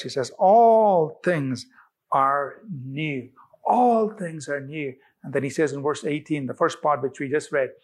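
A male pastor delivering a sermon with a slightly husky, breathy voice pitched a little high. He presses his points hard, repeats phrases and slows right down on the words he wants to land. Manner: emphatic, repeating phrases with drawn-out stresses.

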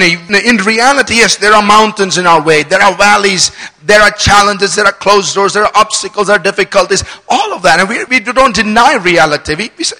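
A man's voice: sits high, pushed and bright. A man preaching a sermon to a congregation, building emphasis and calling for responses. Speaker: pastor. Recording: long hall reverb.

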